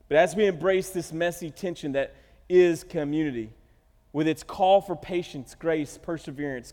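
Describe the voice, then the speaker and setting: A man delivers a sermon with animated storytelling and acts out quotes along the way. His voice sits high for a man, and a long reverb trails off each phrase in the big room. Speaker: pastor. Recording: reverberant church hall.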